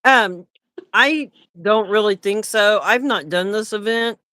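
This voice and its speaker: A woman's voice: mid-range voice, slow, sharp tone, no echo, studio quality. A middle-aged woman chatting casually on a livestream about her upcoming vendor event, talking while eating and packing. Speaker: craft vendor and livestream co-host. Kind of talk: casual chat.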